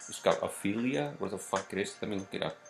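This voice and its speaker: A man's voice: lowish voice, quick pace, creaky, music in the background. A man hosting a solo podcast, rambling off-script with lots of cursing, fillers and restarts. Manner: profane, meandering, lots of fillers. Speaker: podcast host.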